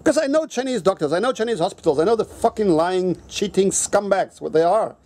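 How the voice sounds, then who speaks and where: A man vlogging an angry story in a profane, halting rant. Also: high voice, animated, darkish tone. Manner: profane, ranting, halting with restarts; switches into Mandarin.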